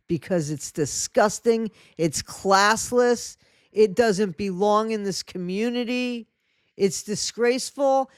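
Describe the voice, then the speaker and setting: A man's voice: sits high, clear, resonant tone, dry recording, studio quality. A man hosting a commentary channel, reacting indignantly and scolding the people he addresses.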